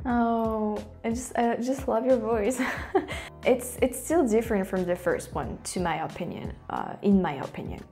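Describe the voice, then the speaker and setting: A woman's voice: on the high side, measured pace, mellow, soft background music. A woman with a French accent, a native French speaker, chats casually as a video host, hesitating and restarting often. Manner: hesitant, many fillers and restarts. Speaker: YouTube host. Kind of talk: casual commentary.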